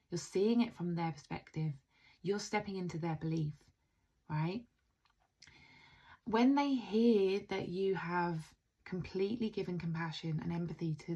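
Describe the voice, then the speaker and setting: A woman teaching a self-healing method to camera, gentle and earnest, who often checks in with "right?" and speaks soothing phrases in a soft, caring tone. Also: lowish voice. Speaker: intuitive coach.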